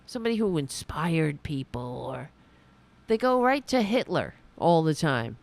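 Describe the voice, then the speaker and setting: A woman with a low, creaky voice hosts a political commentary show over faint music, talking unhurriedly with big pitch swings. She's casual, sarcastic and mocking, reading comments aloud in mimicking voices.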